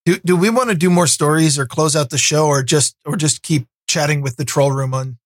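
A man's voice: on the high side, a little fast, no echo. A man co-hosting a casual tech podcast, with dry, teasing, grumpy banter. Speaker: podcast co-host.

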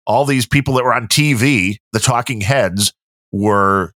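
A man's voice: mid-range voice, a little slow, dry recording, clean studio sound. A man with a Midwestern American accent, co-hosting a podcast and telling casual stories with frequent laughs. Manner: animated storyteller, laughs often, mimics others. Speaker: podcast co-host. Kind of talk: casual chat, storytelling.

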